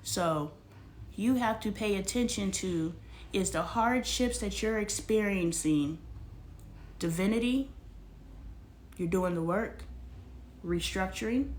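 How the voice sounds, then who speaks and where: A woman's voice: mid-range voice, a little mellow, slight background noise. A woman in her thirties, a life coach, talking casually and bluntly about spiritual growth, swearing for emphasis and reading scripture aloud.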